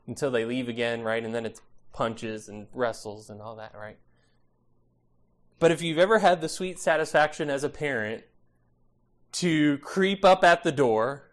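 A man's voice: a little high, fairly bright tone. A male pastor preaching an expository sermon, emphatic and repetitive, often adding "right?".

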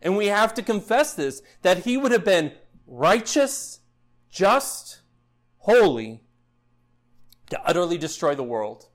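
A man preaching a sermon in an earnest style, building up loud passages and then dropping low and quiet. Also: big pitch swings, takes it slowly, long pauses. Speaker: pastor.

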